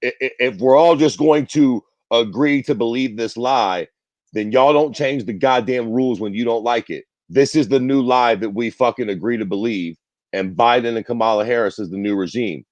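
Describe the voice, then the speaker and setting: A man's voice: mid-range voice, moderate pace, no echo, muffled recording. A man co-hosting a casual talk show, ranting bluntly with heavy swearing. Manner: blunt and profane, drawling rants. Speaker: podcast co-host. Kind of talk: casual chat about current events.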